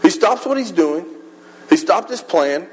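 A man's voice: high-pitched, lively intonation, unhurried, background noise. A man preaching a sermon in church, earnest and conversational, acting out little voices as he retells a scene.

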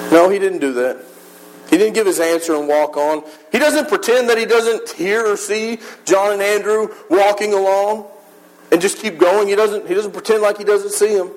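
A man's voice: sits high, lively intonation, moderate pace, low-quality recording. A man preaching a sermon in church, earnest and conversational, acting out little voices as he retells a scene.

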